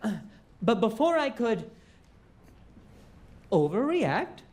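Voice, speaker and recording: A man's voice: very high-pitched, very animated, slow, a little mellow. A man doing stand-up storytelling, who stutters and jokes about himself on a comedy stage. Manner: stutters, self-deprecating. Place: comedy stage, audience laughing.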